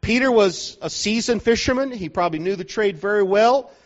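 A man's voice: sits high, animated, brisk. A man preaching a sermon in a conversational, joking way, often asking the listeners whether they are following, in a dull lo-fi recording from a church hall.

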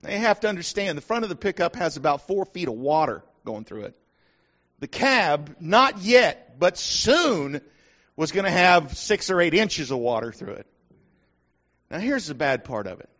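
A man's voice: fairly high pitch, big pitch swings, normal speed, fairly bright tone. A middle-aged man preaching a sermon, telling a personal story in a folksy way and acting out what people said. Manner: folksy storyteller, acts out quotes. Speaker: pastor. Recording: dull lo-fi sound.

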